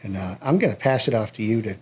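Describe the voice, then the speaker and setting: A man's voice: fairly low pitch, lively intonation, fast talker, darkish tone, breathy edge. A man in his thirties from western Massachusetts with a New England accent, a musician guest telling a story in casual chat, laid-back and swearing freely.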